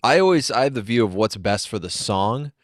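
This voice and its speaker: A laid-back man hosts a podcast, rambling along in a low voice with easy, chatty filler. The sound is dry and close, without room echo. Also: animated, fairly quick. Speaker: podcast host. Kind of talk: casual podcast chat.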